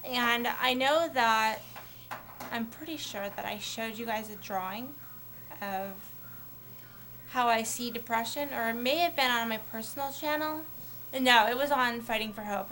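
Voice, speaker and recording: Young female vlogger, slightly high voice, loose rambling delivery full of fillers, faint hiss on the recording. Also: pushed and bright. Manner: rambling, many fillers and restarts. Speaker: vlogger on a collab channel. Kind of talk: casual talk to camera.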